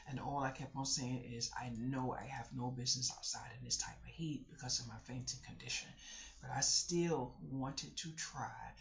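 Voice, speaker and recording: A vlogger telling a personal story in a casual storytelling vlog, chatty and animated, talking straight to viewers and repeating the same catchphrase. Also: mid-range voice, normal speed, vocal fry. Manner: animated storyteller, repeats "I kid you not", acts out others' voices; chatty, addresses viewers directly. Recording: dull lo-fi recording.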